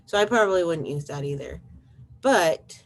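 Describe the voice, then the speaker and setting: Give me an encouraging preschool teacher. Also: female voice, lowish voice, animated, normal speed. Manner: bright, encouraging, talks straight to small children. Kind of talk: virtual circle time for young children.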